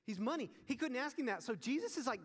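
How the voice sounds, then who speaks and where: A young man preaching a sermon to a student group, animated and asking the audience questions. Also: extremely high pitch, fast. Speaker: youth pastor. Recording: long reverb of a large hall.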